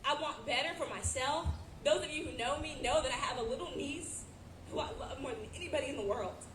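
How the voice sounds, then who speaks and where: A woman's voice: sits high, brisk. A young woman in her twenties, a student leader, giving an emotional, earnest personal speech at an outdoor rally. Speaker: student body president. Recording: echoey outdoor sound with background noise.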